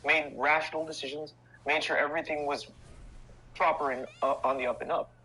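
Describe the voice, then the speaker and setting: Husky bright voice in a casual debate. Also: medium pitch, steady tone, low-quality recording. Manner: quick to correct, hesitant restarts.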